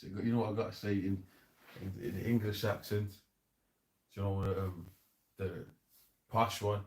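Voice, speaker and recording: A man's voice: low-pitched, steady tone, normal speed, long pauses, darkish tone. A man hosting a loose, laughing chat about scripture, in casual street slang. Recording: roomy echo.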